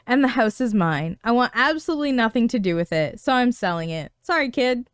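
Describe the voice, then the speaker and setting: Casting: woman podcast host, smooth clear voice, dry close mic, casual storyteller. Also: fairly high pitch, lively intonation, brisk, hardly any pauses, dry recording. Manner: storytelling with frequent laughs. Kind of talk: casual chat reading a listener story.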